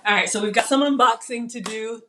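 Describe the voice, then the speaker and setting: A middle-aged woman, chatting excitedly while cooking live and tasting food. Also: fairly high pitch, a little fast, heavy background noise. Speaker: cooking livestream host. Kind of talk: casual live cooking chat.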